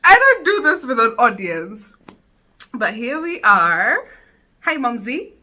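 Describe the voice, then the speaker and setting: A woman talks straight to camera from her seat at home, giggly and animated. Her bright voice swoops up and down constantly. She is picked up by the camera's own mic rather than a lapel. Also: on the high side, slow pace. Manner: giggly, animated, self-teasing. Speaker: vlogger. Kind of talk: casual solo vlog chat. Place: seated indoors at home.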